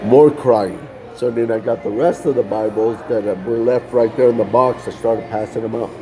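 A man's voice: mid-range voice, steady tone, normal speed, over music. A man casually telling a personal testimony, loose and conversational, often tossing in "man" and restarting phrases. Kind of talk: casual storytelling.

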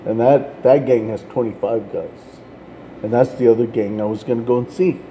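A man's voice: medium pitch, fairly even intonation, normal speed, dark tone, slight background noise, poor audio. A man working as a street minister, telling a personal story in a casual way, with lots of "like" and "man".

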